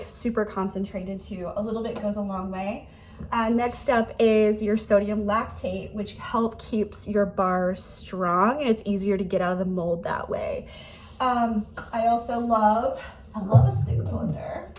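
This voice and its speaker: A woman's voice: mid-range voice, slight background noise. A young woman casually talking through making soap at home, rambling with lots of fillers and restarts, a bit out of breath. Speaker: small business owner making soap. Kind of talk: casual how-to vlog.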